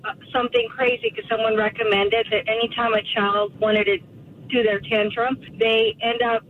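A woman's voice: on the high side, little pitch movement, normal speed. A woman phones in and tells a story in a hesitant way, with plenty of fillers. The line is thin and tinny, with a faint hiss behind her. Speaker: caller. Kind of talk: casual phone chat.

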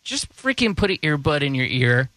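A man's voice: a little high, very animated, normal speed, sharp tone, slight background noise. A man hosting a talk radio show, pushing and teasing a caller with blunt questions. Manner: pushy, teasing interrogator. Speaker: radio host.

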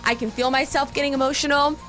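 Bright high-voiced female radio co-host. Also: steady tone, quick pace, soft background music. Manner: teasing, laughing, chatty. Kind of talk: casual morning radio chat. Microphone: studio microphone.

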